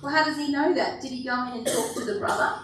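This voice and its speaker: A woman's voice: sits high, fast, a bit bright, slight background noise. A woman pastor giving a sermon to a congregation in a conversational, playful way, often putting questions to the room. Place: church hall with a congregation. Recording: very echoey hall, distant mic.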